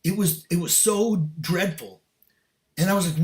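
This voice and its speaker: A man's voice: high-pitched, measured pace. A middle-aged man, a podcast guest, telling a personal story in casual, earnest, emphatic talk with slang.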